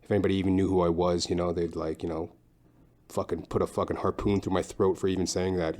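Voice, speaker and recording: A man's voice: low-pitched, little pitch movement, fairly quick, a little mellow. A man hosting his own podcast, talking in a loose, rambling monologue full of swearing and self-mockery. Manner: profane, rambling, self-mocking. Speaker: podcast host and stand-up comedian.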